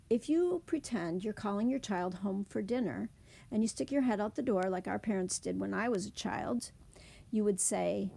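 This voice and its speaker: A woman teaching a slide presentation lesson, explaining slowly and carefully. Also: mid-range voice, gravelly, warm tone, slightly rough. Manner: slow, careful, deliberate explanation.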